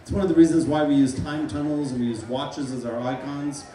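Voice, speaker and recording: A middle-aged man working as a stage hypnotist at a live comedy show, playfully giving loud, repeated suggestions to volunteers. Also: fairly high pitch, steady tone, brisk, slight background noise. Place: large fair tent. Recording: echoey tent, mic heard from far.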